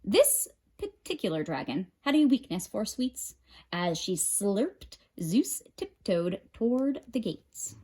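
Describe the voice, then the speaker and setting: A woman librarian reading a picture book aloud with expressive, dramatic narration. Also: mid-range voice, takes it slowly. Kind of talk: storybook read-aloud.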